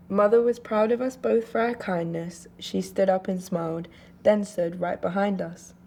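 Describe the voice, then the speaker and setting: A woman's voice: on the low side, moderate pace, vocal fry. Woman reading a rhyming children's story. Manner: expressive, sing-song rhyming delivery. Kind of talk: reading a rhyming children's picture book aloud.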